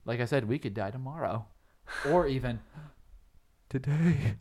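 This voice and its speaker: A man's voice: medium pitch, unhurried, a little mellow. A man co-hosting a casual comedy podcast, joking and rambling as he shares facts. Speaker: podcast co-host.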